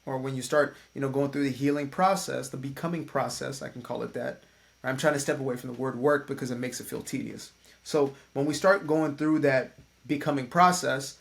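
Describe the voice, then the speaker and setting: Gravelly man giving a casual motivational talk. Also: fairly high pitch. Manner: conversational and slangy, playful asides. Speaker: life coach.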